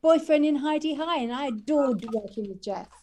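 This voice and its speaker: A woman's voice: high-pitched, animated, normal speed. A woman speaking as an actress guest, gushing about the people she admires. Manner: warm, gushing praise of colleagues. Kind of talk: casual chat on a video call.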